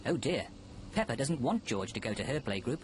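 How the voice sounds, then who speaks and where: A man narrating a children's cartoon in a calm, gently amused storybook manner. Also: mid-range voice, brisk, background noise.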